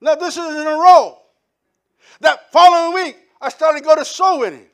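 A man preaching from the pulpit, his voice sitting very high. He tells his testimony with animated energy, acting out the people he quotes. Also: moderate pace. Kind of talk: sermon testimony.

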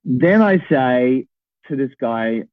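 A man's voice: mid-range voice, slow, no room sound. Man in his 60s, tinny line. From Australia. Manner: animated, checks in with "right?". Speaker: podcast guest, property investor. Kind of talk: storytelling in a conversation. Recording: tinny phone-like line, dry.

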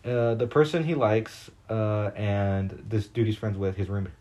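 A man co-hosting a casual podcast chat, telling stories in a rambling, excitable way full of fillers. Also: on the low side, measured pace. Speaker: podcast co-host.

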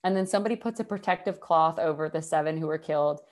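Casting: young woman, slightly low pitch, loose chatty podcast delivery full of "like" and the odd swear. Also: quick pace. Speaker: podcast co-host. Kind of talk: casual chat retelling Bible stories.

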